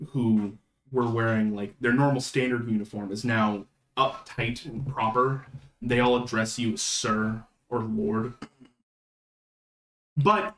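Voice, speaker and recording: A man running a tabletop game as game master, describing scenes in a relaxed, casual way with lots of fillers. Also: mid-range voice, a little slow, pauses often. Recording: roomy echo.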